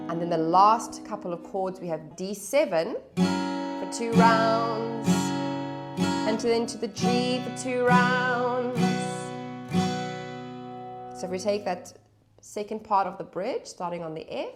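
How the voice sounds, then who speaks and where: A woman's voice: on the high side, fairly even intonation, slow, pauses often. A woman teaching a guitar lesson, calling out chords and counting beats aloud. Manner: patient, counts beats aloud over strumming. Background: acoustic guitar playing.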